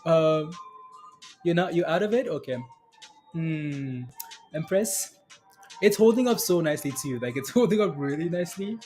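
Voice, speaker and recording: A man's voice: a little high, animated, normal speed, pauses often, darkish tone, soft background music. A young man hosting a stock trading livestream, rambling casually and laughing often as he reads viewer comments.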